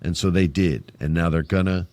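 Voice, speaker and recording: A man's voice: sits low, fairly even intonation, moderate pace, darkish tone, dry recording. A man hosting a wrestling podcast, joking around and laughing easily in casual banter. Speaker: podcast host. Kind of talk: casual chat.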